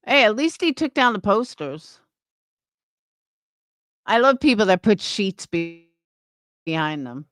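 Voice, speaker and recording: A young woman vents on her stream in an angry, scornful, profane rant. Her pitch swings widely from high outbursts to low mutters. The recording is dry and close. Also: very animated, takes it slowly, pauses often, a bit bright, dry recording. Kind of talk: livestream reaction rant.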